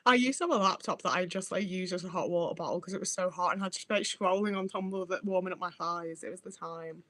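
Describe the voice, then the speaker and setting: A woman's voice: fairly low pitch, fast talker, a bit bright, no echo. A young woman with a Northwest English accent, chatting casually and self-mockingly with viewers from her home, with plenty of swearing. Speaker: streamer. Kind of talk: casual livestream chat with viewers.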